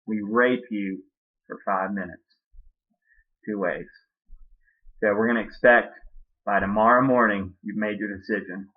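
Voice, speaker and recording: A man voicing blunt male gang members in a comedy story, with a quiet, flat, matter-of-fact delivery. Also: lowish voice, measured pace, pauses often, pitched below the performer's own voice. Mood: deadpan. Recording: dull lo-fi recording.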